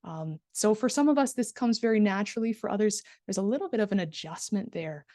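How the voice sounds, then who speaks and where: A middle-aged woman teaching a live online class, modelling soft empathetic phrases and stressing key words as she speaks to her students. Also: mid-range voice, expressive, fairly quick, dry recording, studio quality.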